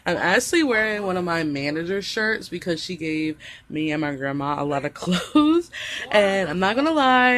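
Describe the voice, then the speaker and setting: A young woman in her twenties chatting casually to her vlog camera, talkative and easily excited, often breaking into giggles. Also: fairly low pitch, moderate pace. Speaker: vlogger.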